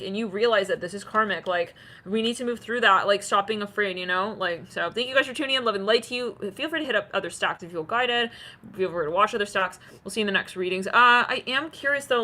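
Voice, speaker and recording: A woman's voice: medium pitch, sharp tone. A woman giving a casual tarot reading, rambling with many fillers and acting out quoted voices. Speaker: tarot reader.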